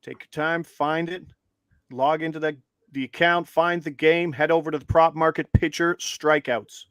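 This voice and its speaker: A man's voice: on the high side, normal speed, clear, resonant tone, no room sound. A man co-hosting a live sports betting stream, upbeat and walking viewers through each step. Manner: upbeat, steady and instructive, walks viewers through steps. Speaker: co-host.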